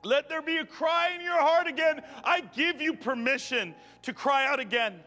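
A man in his thirties preaching a charismatic sermon and praying over people, fervent, repeating phrases and rising to shouts. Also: very high-pitched, moderate pace. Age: 30s. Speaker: guest preacher. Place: church sanctuary. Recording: long church hall reverb with music.

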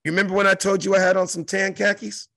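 Gravelly high-voiced comedian telling a story. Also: male voice, fast, dry recording. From South Central Los Angeles. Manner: profane, animated, acts out the other voices. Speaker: comedian guest. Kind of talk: animated storytelling in an interview.

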